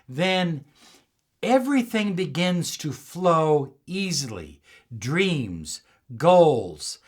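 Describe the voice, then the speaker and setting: A middle-aged man giving slow, soothing, emphatic motivational spiritual teaching. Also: fairly high pitch, a bit bright. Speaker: law of attraction teacher.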